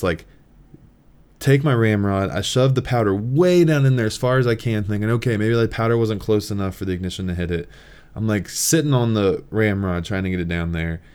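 A young man hosting a podcast and telling a story in a casual, animated way, swearing and laughing as he talks. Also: on the low side. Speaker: podcast host.

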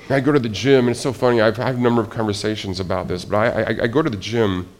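Animated male preacher with hushed asides. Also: on the low side, rapid-fire. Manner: animated, swings from hushed asides to loud exclamations, self-interrupting restarts. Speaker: pastor. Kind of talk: sermon.

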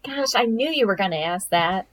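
Lively middle-aged woman, chatty. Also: medium pitch, normal speed, no echo, poor audio. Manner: laughs often, lively storytelling. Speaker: co-host, mother of the host. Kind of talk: casual chat.

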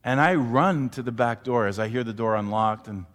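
A man preaching in an animated, storytelling way, swinging between loud, emphatic lines and quiet, hushed ones. His voice is mid-pitched, and a long hall reverb trails every phrase. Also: normal speed. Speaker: pastor. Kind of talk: sermon.

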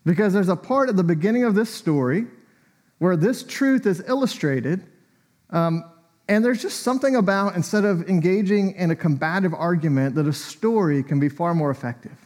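A man's voice: sits high, lively intonation, moderate pace, a little mellow. A man preaching a sermon in a conversational, storytelling way, often with a light chuckle.

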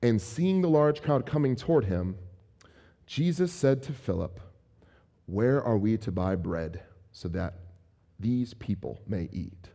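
A man in his thirties preaching a sermon as pastor, conversational and animated, with playful asides. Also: on the low side, unhurried, creaky, long pauses.

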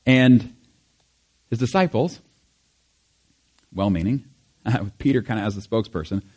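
A male pastor giving a conversational sermon, animated and chatty, acting out quotes with small laughs. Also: on the low side, unhurried.

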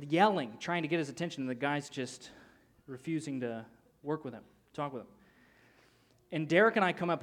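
A man preaching, telling a personal story and acting out the people in it with lively swings of voice. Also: on the high side. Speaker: pastor. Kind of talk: sermon story.

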